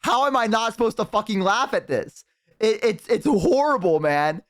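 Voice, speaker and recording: Fairly high-voiced profane streamer man. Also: expressive, normal speed, fairly bright tone. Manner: profane, rambling, bursts of laughter. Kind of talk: casual storytelling to chat. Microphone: headset.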